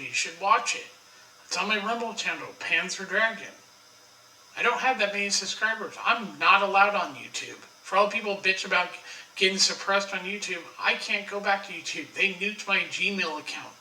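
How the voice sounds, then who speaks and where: A high, very bright-voiced man rants on without a script, blunt and profane, often cutting himself off and starting over. He sits a little back from the mic in an echoey room. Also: moderate pace, recorded from a distance. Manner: profane, blunt, opinionated, frequent restarts. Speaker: online commentator. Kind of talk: ranting casual monologue.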